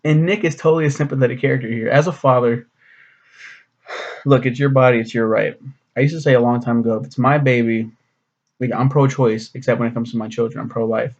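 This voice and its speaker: A man recaps a comic in a loose, rambling, profane way, full of fillers and restarts. His voice has a gravelly fry at mid pitch. The recording is muffled and lo-fi. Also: steady tone, fast talker. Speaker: comic reviewer. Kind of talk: casual recap and commentary.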